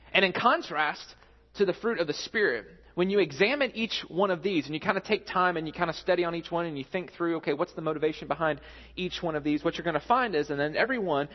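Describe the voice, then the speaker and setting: A man in his thirties, a pastor preaching a sermon in a conversational, earnest way. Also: on the high side. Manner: conversational, earnest, builds up when telling stories. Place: church hall. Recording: muffled with a long hall echo.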